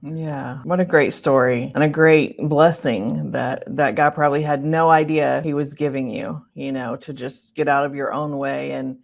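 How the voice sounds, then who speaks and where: A woman hosts a podcast interview with a gravelly, fried edge to her voice. Her delivery stays even and flat in pitch as she affirms her guest in long, flowing thoughts. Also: normal speed, hardly any pauses, muffled recording. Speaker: podcast host. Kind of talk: interview conversation.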